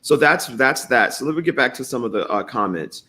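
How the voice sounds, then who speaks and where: A man hosting a morning talk show, telling stories in an animated way, swearing freely and reading viewer comments aloud. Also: mid-range voice, brisk.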